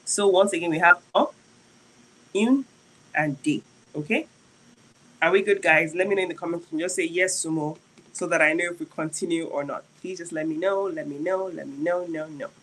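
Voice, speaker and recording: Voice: medium pitch, fairly bright tone, slight background noise, rough recording. Chatty French teacher. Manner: chatty, checks in with viewers often; slows down to spell out French sentences. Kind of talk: live-streamed language lesson.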